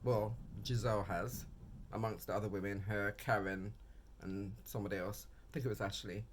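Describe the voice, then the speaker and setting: A man giving casual, rambling reaction commentary on reality TV from home, quick to laugh. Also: fairly low pitch, fairly even intonation, slight background noise.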